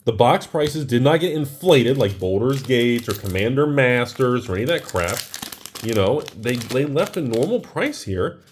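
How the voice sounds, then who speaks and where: An American man who owns a card shop, chatting casually in a vlog while opening packs. He rambles in an excitable way, filling his talk with "like" and "dude.". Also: mid-range voice, normal speed, a little hiss or hum. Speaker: card shop owner and investing vlogger.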